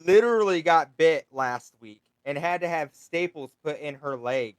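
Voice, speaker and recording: A man's voice: fairly high pitch, normal speed, clean tone, no room sound. Upbeat man telling a story on a podcast. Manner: storytelling, animated retelling with acted quotes. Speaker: podcast co-host; delivery driver. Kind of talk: casual chat.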